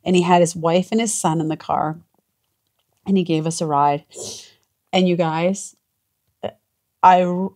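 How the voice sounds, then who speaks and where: Chatty, emotional woman vlogger, lowish voice. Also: steady tone, unhurried, pauses often, a little mellow. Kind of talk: casual chat. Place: small cabin at a campground.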